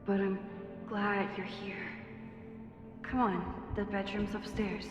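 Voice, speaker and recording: An actress voicing a thoughtful, hesitant young woman in a video game, speaking her inner thoughts softly, heard as game audio with music. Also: mid-range voice, little pitch movement, takes it slowly, long reverb tail, dull audio, natural voice. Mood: gentle. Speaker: game protagonist.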